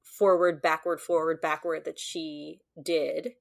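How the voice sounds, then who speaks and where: A woman interviewing a guest, asking questions and giving many quiet affirmations. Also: low voice, little pitch movement, takes it slowly, creaky.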